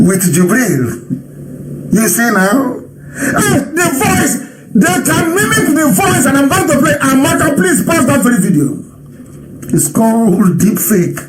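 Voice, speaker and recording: A man's voice: high-pitched, a little hiss or hum, poor audio. A man hosting a live broadcast, giving impassioned political commentary, mocking his critics and laughing as he lectures his listeners. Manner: mocking, often laughing mid-sentence; preachy, addresses listeners directly.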